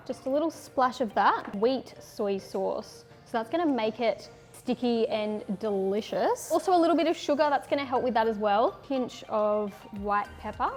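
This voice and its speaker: A woman, a chef talking through a recipe and giving direct tasting critiques in an upbeat way. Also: fairly high pitch. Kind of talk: casual cooking demo.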